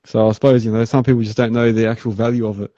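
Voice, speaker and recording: An Australian man hosting a podcast, chatting casually and laid-back, acting out customers in quick asides. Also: medium pitch, flat delivery, warm tone, no echo, lo-fi sound. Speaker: podcast host.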